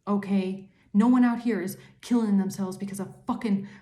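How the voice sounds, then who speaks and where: A woman tarot reader at a middle pitch, speaking straight to her viewers. She rants hard and swears often, and her tone is mellow and dark. The room around her gives a clear echo. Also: fairly even intonation, moderate pace. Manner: angry ranting, heavy swearing. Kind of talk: tarot reading to camera.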